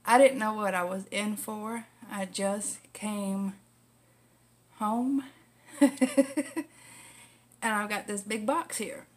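A woman vlogger with a medium-pitched voice chats casually through an unboxing, speaking slowly with long pauses. She laughs often and uses salty language. When thanking friends she gets emotional, close to tears.

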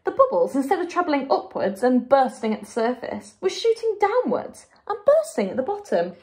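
A woman with an English accent, a primary school teacher, reading a children's book aloud to her class in a clear, expressive storytelling manner. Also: high-pitched, normal speed.

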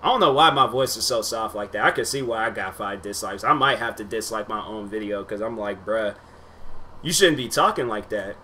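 Bright-voiced young man rambling casually. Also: lowish voice, a little fast, few pauses, a little hiss or hum. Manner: loose, slangy, rambling with many fillers. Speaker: YouTuber reacting to his old videos.

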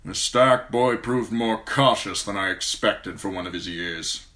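A cold, calculating older lord weighs each word slowly, as a man reads him aloud. The voice sits low with a bright edge in a steady audiobook reading. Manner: slow, measured, cold.

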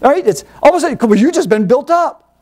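A man with a very high voice delivering a sermon. His pitch swings widely as he teaches, and he drives each point home with rhetorical questions and repetition. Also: expressive, fast, a little mellow. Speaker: Bible teacher.

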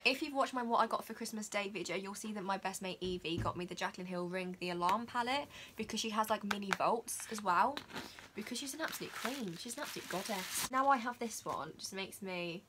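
A teenage girl, chatting excitedly and dramatically about her makeup haul. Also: medium pitch, background noise. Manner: gushing, dramatic, fast-talking. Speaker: beauty vlogger.

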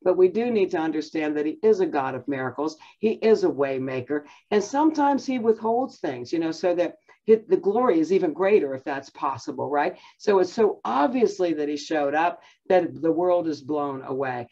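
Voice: mid-range voice, expressive, moderate pace, few pauses, dark tone, lo-fi sound. A Bible teacher giving a conversational lesson, talking in a chatty way with many fillers and self-restarts.

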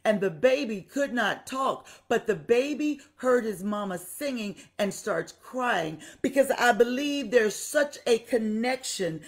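A woman's voice: fairly high pitch, animated, unhurried, hardly any pauses. A woman preaching a sermon with passion, repeating phrases for emphasis and talking straight to her listeners. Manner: talks directly to the congregation.

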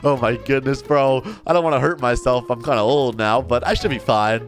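A man's voice: medium pitch, fairly quick. A young man hosting and narrating a game roleplay in a chatty way, often laughing.

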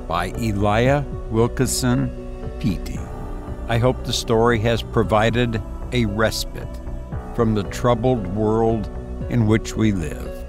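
A man reading a short story aloud as an audiobook narrator, measured and deliberate. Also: mid-range voice.

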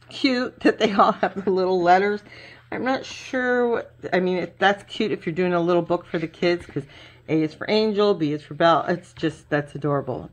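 A middle-aged woman chatting casually at her home craft table as she unboxes papers, gushing over each sheet with plenty of fillers. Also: fairly low pitch. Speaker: craft vlogger. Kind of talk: casual unboxing show-and-tell.

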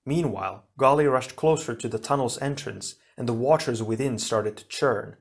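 A man narrating an action storybook in a steady, even reading voice. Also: mid-range voice, moderate pace, creaky, hardly any pauses. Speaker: audiobook reader.

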